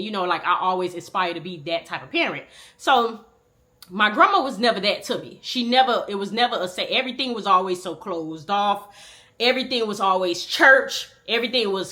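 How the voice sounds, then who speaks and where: A woman in her thirties with a bright, forward voice spins a rowdy true-life storytime. She swears freely and talks straight to the viewer like a close friend, animated and loose. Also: medium pitch, brisk. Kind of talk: casual storytime.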